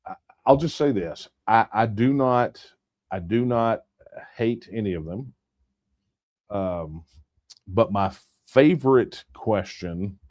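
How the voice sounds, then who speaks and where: A man with a fairly low voice hosts a casual late-night livestream Q&A. He talks loosely and works out his answers aloud, with plenty of fillers and restarts. The sound is dry and close, with no room around it. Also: a little mellow, dry recording. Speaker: livestream Q&A host.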